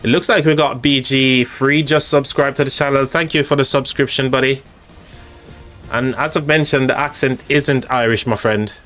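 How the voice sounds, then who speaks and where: A man with an English accent hosting a live stream, chatting casually in a halting way with frequent restarts. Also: medium pitch, fairly even intonation, a bit bright, soft background music.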